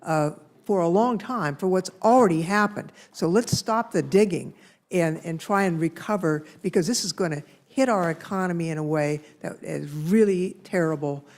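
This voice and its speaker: A woman's voice: fairly low pitch, moderate pace, a little mellow. A woman lawmaker speaking urgently and emphatically at a committee hearing. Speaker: congresswoman testifying.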